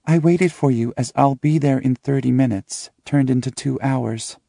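A man voicing a flat, hurt young woman. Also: medium pitch, moderate pace, gravelly, no echo, clean studio sound, voice pushed up. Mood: hurt accusing. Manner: flat, monotone delivery. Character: hurt, cold young woman, emotionally drained.

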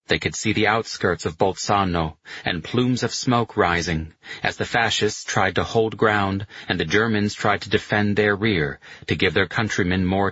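Deep, husky male audiobook narrator. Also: no room sound, muffled recording. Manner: steady, measured storytelling. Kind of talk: scripted narration of a war novel.

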